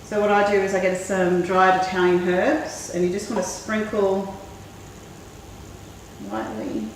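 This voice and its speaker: A woman hosting a cooking show, chatting in a relaxed way and thinking aloud as she works. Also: medium pitch, normal speed. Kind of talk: casual cooking demonstration. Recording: very echoey room, mic far off, faint noise.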